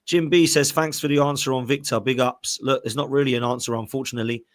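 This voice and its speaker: A man's voice: mid-range voice, fairly even intonation, fast talker. A man hosting a casual live-stream podcast, opinionated and emphatic, ranting with rhetorical questions. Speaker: podcast host.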